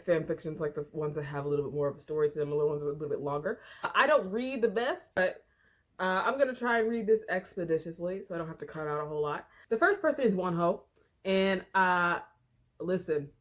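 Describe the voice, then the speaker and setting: A young woman casually reading fan fiction aloud with a friend, stumbling over the text, swearing and breaking into laughter. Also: lowish voice.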